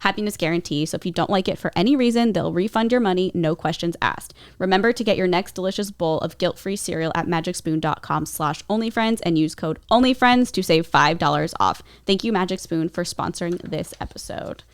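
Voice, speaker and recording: A woman co-hosting a casual podcast, upbeat with quick reactions, who also reads the sponsor ads. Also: fairly low pitch, smooth, dry recording, clean studio sound. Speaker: podcast co-host. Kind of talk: casual podcast chat and host-read ad.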